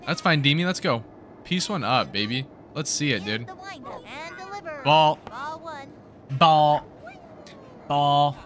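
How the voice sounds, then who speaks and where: A young man hosting a gaming video, giving excited let's-play commentary and cheering his team on with slangy outbursts. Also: a little high, slow pace, long pauses. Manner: hyped, yelling at the game, slangy.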